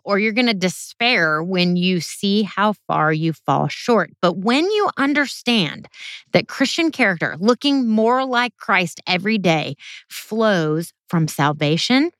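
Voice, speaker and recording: A woman giving an earnest, emphatic sermon, reading scripture verses and explaining them, slowing down and speeding up to stress her points. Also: mid-range voice, a bit bright, no room sound, clean studio sound. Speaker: Bible teacher.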